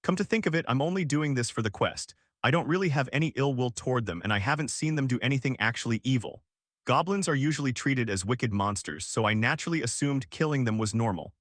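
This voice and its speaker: A man's voice: mid-range voice, animated, quick pace, dry recording, close to an everyday voice. Brash young adventurer, read by a man, curt and cold, dry close sound. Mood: musing. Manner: shouting, cursing, blunt.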